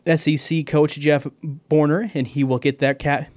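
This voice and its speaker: A man hosts a local radio sports scoreboard show. His voice sits a little high, and he rattles through station IDs and upcoming segments so quickly that he has to stop and catch his breath. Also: flat delivery, darkish tone. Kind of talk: fast radio sports announcing.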